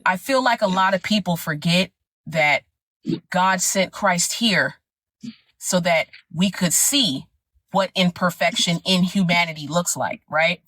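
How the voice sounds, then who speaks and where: A middle-aged woman sharing her personal story with animated, emphatic conviction. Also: fairly low pitch, a little slow, no room sound. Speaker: guest. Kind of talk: personal testimony in conversation.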